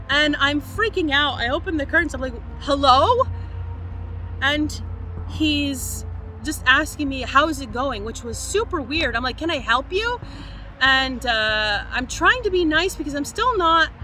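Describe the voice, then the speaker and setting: A young woman from Canada, a van-life vlogger, telling a story in an animated way and laughing often. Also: high voice, a little hiss or hum. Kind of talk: storytime vlog.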